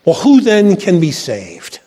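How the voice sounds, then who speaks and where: High-pitched preacher guy getting fervent in church, long hall reverb behind him. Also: huge pitch swings, slow pace, mellow. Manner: fervent, swelling to high exclamations. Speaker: pastor. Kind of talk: sermon.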